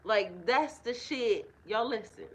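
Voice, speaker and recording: Slightly high and a bit bright, her voice has lively intonation and a slow pace, on a low-quality recording with slight background noise. The speaker, a spiritual reader and life coach, gives a casual outdoor astrology reading in a yard with birds nearby, talking bluntly with heavy profanity and frequent laughter.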